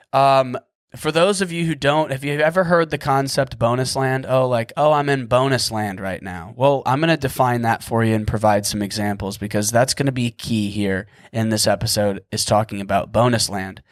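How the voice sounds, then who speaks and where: A man's voice: mid-range voice, dry recording, studio quality. Goofy, rambling man hosting a podcast. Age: 30s. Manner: goofy, rambling, a bit frantic and sarcastic. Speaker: podcast host. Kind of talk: solo podcast monologue.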